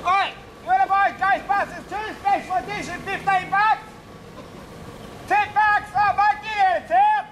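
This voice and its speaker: A man's voice: very high voice, little pitch movement, unhurried, long pauses, a loud crowd, pitched above the performer's own voice. A man doing a pushy, foul-mouthed Aussie DVD hawker. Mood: pushy, insulting. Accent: Australian. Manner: abusive, insistent sales patter. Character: pushy male street DVD hawker, rude.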